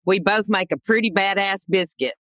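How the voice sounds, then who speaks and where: A woman's voice: medium pitch, a bit bright, dry recording, studio quality. Chatty Southern woman podcast host. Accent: Southern American. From American South. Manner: chatty and effusive, quick asides. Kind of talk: conversational podcast interview.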